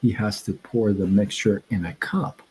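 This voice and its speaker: A man hosting a casual livestream, telling a story in a rambling, halting way and breaking off to greet his chat. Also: on the low side, steady tone, a little mellow, slight background noise, rough recording. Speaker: livestream host.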